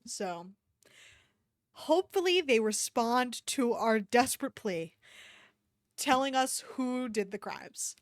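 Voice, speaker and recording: A woman's voice: fairly high pitch, animated, slow, pauses often, no room sound, studio quality. Joking woman streamer, swearing asides. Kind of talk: reading fanfiction aloud with live commentary.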